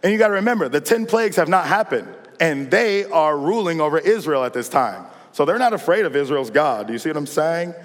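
A man's voice: fairly high pitch, lively intonation, a little fast, few pauses. A male pastor giving a conversational, humorous sermon who keeps checking in with his listeners. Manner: conversational and humorous, calling for responses. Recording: long reverb in a large hall.

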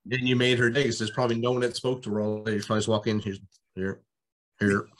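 A man, a military veteran guest, talking in an easygoing, relaxed way in a casual conversation. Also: lowish voice, fast.

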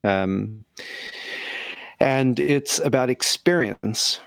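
A man's voice: medium pitch, drawn-out words, vocal fry, no echo. A man in a casual theological discussion, explaining terms thoughtfully and often restarting his sentences.

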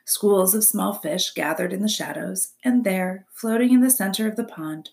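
A woman's voice: medium pitch, normal speed, creaky, few pauses. Woman reading a children's book. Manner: expressive storytelling. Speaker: narrator. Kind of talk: reading a children's novel aloud.

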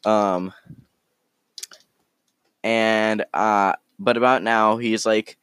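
A man hosting a podcast, chatting casually and telling an improvised story in a rambling, joking, halting way. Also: fairly low pitch, fairly even intonation, fairly bright tone, clear, resonant tone, no room sound, studio quality. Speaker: podcast host.

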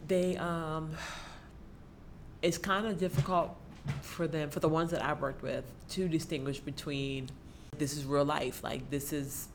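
A special education teacher appears as a guest on a conversational podcast interview, talking animatedly and laughing often. Her low-pitched voice is steady in tone and a little slow, with a bit of hiss or hum.

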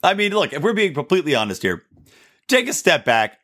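A man hosting his own podcast, talking through his opinions in a sarcastic, animated solo monologue and laughing at his own jokes. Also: on the high side, brisk. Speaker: podcast host.

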